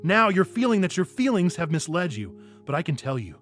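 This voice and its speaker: A man reading aloud as a calm, loyal male friend who gives encouragement. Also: high-pitched, brisk, faint music behind. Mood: reassuring.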